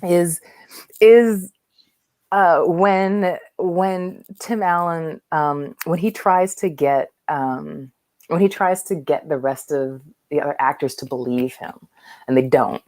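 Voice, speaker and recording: Low-voiced woman chatting with fillers. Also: takes it slowly, a little mellow, no echo. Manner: rambling with many fillers and restarts. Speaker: podcast guest. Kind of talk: casual chat.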